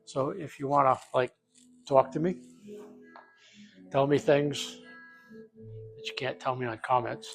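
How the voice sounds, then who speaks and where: A man's voice: medium pitch, fairly even intonation, a little slow, vocal fry, pauses often, soft background music. An older man hosting a casual home cooking vlog from his kitchen, talking off the cuff with plenty of profanity and jokes. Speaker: home cook, vlog host.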